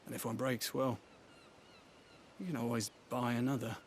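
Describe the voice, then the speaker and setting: An actor playing a weary, cynical man who buries the dead, speaking in a calm, dry, sardonic way. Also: medium pitch, normal speed, slight background noise, close to an everyday voice. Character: weary cynical male gravedigger in service.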